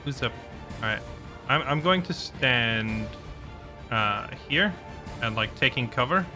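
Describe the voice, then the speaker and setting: A man's voice: medium pitch, slow, over music. A man playing in a tabletop game, joking and bantering with the game master. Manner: lively, laughing banter. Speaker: player. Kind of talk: casual tabletop play.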